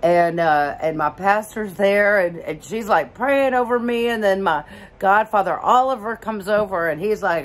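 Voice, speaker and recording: A woman's voice: medium pitch, moderate pace, a little hiss or hum. A middle-aged woman from Alabama telling a story casually, rambling with lots of fillers and laughs. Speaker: vlogger.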